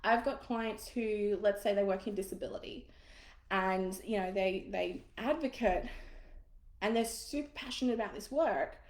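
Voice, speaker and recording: A woman's voice: mid-range voice, normal speed, roomy sound. A woman coaching business owners in a live masterclass, casual, frank and encouraging, swearing now and then.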